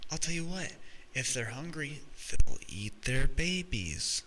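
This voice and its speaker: A young man rambles through a comic story with a bright, sharp tone and a lively, swinging pitch. He swears freely and stumbles into restarts, piling on fillers. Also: measured pace, a little hiss or hum, rough recording. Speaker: podcast host. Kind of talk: comedic storytelling monologue.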